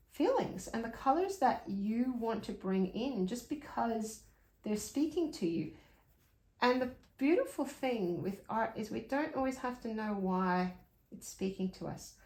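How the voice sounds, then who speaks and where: A woman's voice: on the high side, a little mellow, reverberant. A woman giving a casual drawing lesson, chatting and reflecting aloud to the viewer as she works. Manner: chatty, reflective, laughs often, talks to viewer while drawing. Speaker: art tutor.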